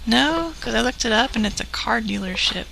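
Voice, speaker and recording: A woman's voice: fairly high pitch, animated, brisk, creaky, pushed and bright, slight background noise, low-quality recording. A woman co-hosting a prank call show, chatting casually with lots of "like". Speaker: prank caller co-host. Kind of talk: casual chat.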